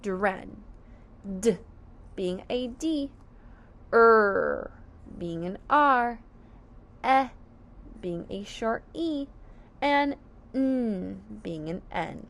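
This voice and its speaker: A woman's voice: on the high side, lively intonation, extremely slow, pauses often, fairly bright tone. A woman teaching a phonics lesson to young children, sounding out each word syllable by syllable with careful enunciation.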